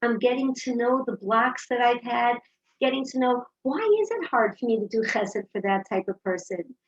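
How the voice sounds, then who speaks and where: Woman speaker, husky and fairly high, lively storyteller, dull lo-fi sound. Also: normal speed. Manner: animated storyteller acting out dialogue. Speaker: speaker giving a Torah talk. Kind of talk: inspirational talk with personal stories. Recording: dull lo-fi recording.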